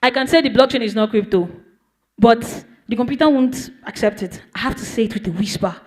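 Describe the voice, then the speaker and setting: A woman's voice: fairly high pitch, brisk, a little mellow. A woman explaining a topic to a young audience in a playful way, often asking them questions. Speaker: speaker teaching young people. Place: event hall.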